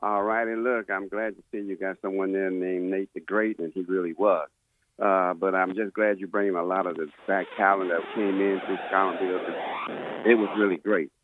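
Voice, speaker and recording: A man calling in to a radio show, speaking haltingly with many fillers. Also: low-pitched, fairly even intonation, slight background noise. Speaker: caller. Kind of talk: phone-in call. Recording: tinny phone line.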